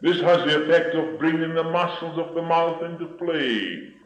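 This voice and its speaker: A man giving a voice and speech lesson, speaking slowly and deliberately and demonstrating vocal sounds. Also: fairly high pitch, lively intonation. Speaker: voice and speech teacher. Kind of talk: instructional voice lesson. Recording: dull lo-fi old recording in an echoey room.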